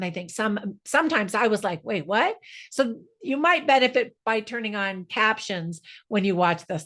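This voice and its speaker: A woman's voice: medium pitch, fairly bright tone. Friendly grandmother-age woman, fifties, chatty reviewer with self-deprecating humor. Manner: chatty, self-joking, with light laughs. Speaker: movie reviewer. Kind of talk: casual movie review to camera.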